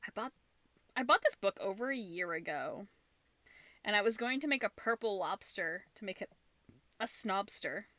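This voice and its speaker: A woman streaming from an upstairs room at home, chatting casually while she crochets and laughing often, her voice slightly husky from talking. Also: mid-range voice, animated, normal speed, pauses often, a bit bright, dry recording.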